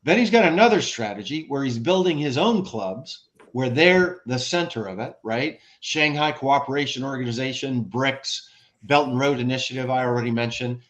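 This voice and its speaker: An American man speaking as a podcast guest, explaining at length in an animated way, listing examples and often restarting his sentences. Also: mid-range voice, normal speed. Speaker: guest, former ambassador and author. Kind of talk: conversational podcast interview.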